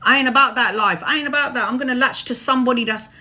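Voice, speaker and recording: A woman voicing a sassy, dismissive negative spirit entity in a brash, slangy way, pitched well above her own voice. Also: fast, sharp tone, full character voice.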